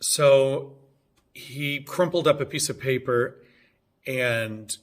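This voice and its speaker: A man talks casually to the camera, rambling through his story. He often stops with an um or an uh and restarts his sentences. His voice sits at an ordinary middle pitch. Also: takes it slowly. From United States. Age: 50s. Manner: rambling, hesitant, many fillers and restarts. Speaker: vlogger.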